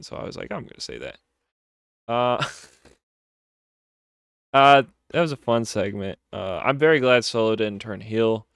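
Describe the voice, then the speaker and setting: A young man with a lowish voice talks through a wrestling show in a loose, excited way, repeating words for emphasis. The sound is close and dry, with no room behind him. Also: gravelly, dry recording. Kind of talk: casual solo review.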